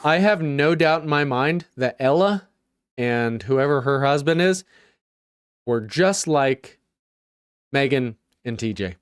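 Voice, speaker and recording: A man's voice: mid-range voice, animated, takes it slowly, long pauses, clear, resonant tone, no echo, clean studio sound. A young man, a former police officer, giving blunt, profane and joking reaction commentary on bodycam footage. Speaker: ex-cop reaction streamer.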